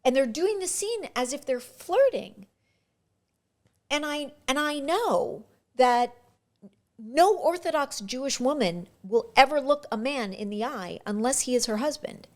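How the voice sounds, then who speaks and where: An actress telling lively stories about her auditions and career in a casual interview. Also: sits high, a little slow. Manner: lively anecdotal, frequent restarts. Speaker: actress guest.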